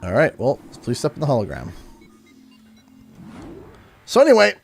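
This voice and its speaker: A man's voice: medium pitch, huge pitch swings, moderate pace, creaky, faint music behind. A man from Canada chatting casually while live-streaming a video game, playfully exaggerated and sing-song when he complains. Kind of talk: gaming livestream chat.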